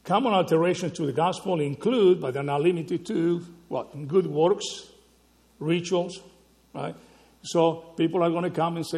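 A man preaching a sermon, teaching slowly and emphatically, often checking in with the listeners with a quick question. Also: fairly high pitch, mellow, long reverb tail. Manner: slow, emphatic teaching with frequent rhetorical "right?" checks.

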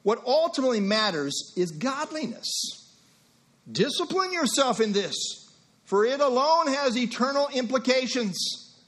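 A middle-aged male pastor preaching an expository sermon, emphatic, with rhetorical questions and quick asides. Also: very high-pitched, very animated, a bit bright.

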